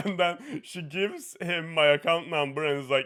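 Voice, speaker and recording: A young man with a Norwegian accent, hosting a podcast and telling an animated story, swearing and laughing often as he acts out what people said. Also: on the high side, unhurried. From Norway. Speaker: podcast host. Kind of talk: casual chat, storytelling.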